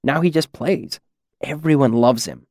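A man voicing a friendly young male student who whispers a quick aside in an audiobook reading. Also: mid-range voice, vocal fry, a little mellow, no echo, studio quality. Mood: hushed.

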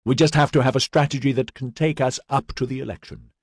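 A man reading the part of an older statesman who gives measured, fatherly counsel in an audiobook. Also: mid-range voice, breathy edge, dry recording, studio quality, pitched above the performer's own voice. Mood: earnest. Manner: calm, deliberate counsel.

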